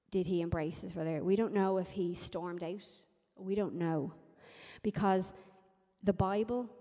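A woman preaching a conversational sermon with animated storytelling. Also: lowish voice. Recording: long hall reverb.

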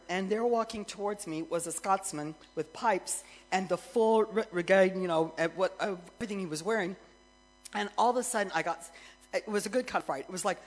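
Animated woman telling a story in a sermon. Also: mid-range voice, poor audio. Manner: animated storyteller, grows excited and loud, laughs. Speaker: worship minister.

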